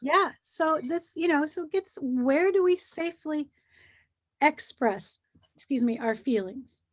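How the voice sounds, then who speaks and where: A woman's voice: sits high, unhurried. A middle-aged woman speaking as a guest in a casual conversation, explaining feelings earnestly and acting out what people say to themselves. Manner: earnest, animated, acts out feelings while explaining. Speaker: guest, hypnosis practitioner.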